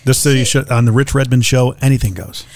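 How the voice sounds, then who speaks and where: A man's voice: medium pitch, fairly even intonation, fairly quick. A man co-hosting a podcast, chatting casually with dry, wry remarks. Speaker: podcast co-host. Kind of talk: casual chat.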